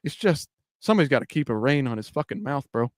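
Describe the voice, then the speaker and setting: A man's voice: medium pitch, big pitch swings, fast. A man hosting a live stream late at night, talking casually and profanely in a loose, rambling way with many restarts. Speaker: livestream host.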